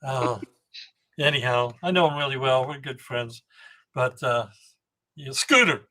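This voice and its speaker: A man in his seventies, a guest on a podcast, telling rambling, animated anecdotes about engine building and often restarting his sentences. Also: medium pitch, measured pace. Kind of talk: storytelling podcast interview.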